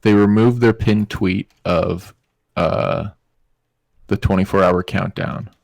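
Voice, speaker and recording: A young man co-hosting a podcast, talking casually and sounding a bit flat and disappointed. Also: low voice, slow, gravelly, dry recording, studio quality. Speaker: podcast co-host. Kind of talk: casual esports chat.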